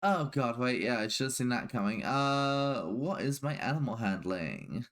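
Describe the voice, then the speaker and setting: Man, tabletop player, playful, laughs often, animated pitch. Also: moderate pace. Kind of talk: casual tabletop role-play.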